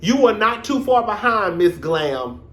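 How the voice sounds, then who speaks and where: A man hosting his own reality TV review vlog, talking in a sassy, animated, profane gossip style with drawn-out emphasis. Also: high-pitched, echoey room. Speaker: reality TV reviewer, show host. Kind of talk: casual commentary vlog.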